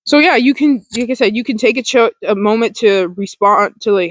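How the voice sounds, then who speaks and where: A woman's voice: on the high side, a little fast, dry recording, low-quality recording. A woman hosting a mindfulness talk, speaking in a loose, rambling way with lots of "like" and the odd swear word. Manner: rambling, full of "like" fillers and casual swearing. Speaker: mindfulness podcast host. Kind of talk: casual motivational talk.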